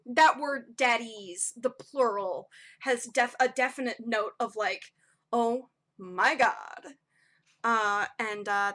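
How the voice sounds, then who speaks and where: A woman narrating a homebrew tabletop game as game master, relaxed and full of ums. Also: a little high. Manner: relaxed storytelling with frequent ums.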